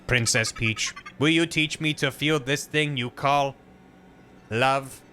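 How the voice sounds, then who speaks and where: A man's voice: medium pitch, sharp tone, slight background noise. A man doing a stiff, proud talking computer. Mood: stiff, formal. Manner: stiff, measured robotic delivery. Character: proud male computer, flat and formal, puzzled by feelings.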